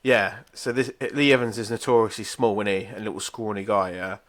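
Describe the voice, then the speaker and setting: A man's voice: lowish voice, brisk, fairly bright tone. A man, a podcast co-host telling road stories in laid-back, sweary casual chat.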